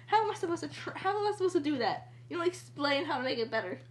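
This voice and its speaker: A woman's voice: high-pitched, expressive, very fast. A woman co-hosting a casual reaction video who giggles often and teases her co-host. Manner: giggly, teasing.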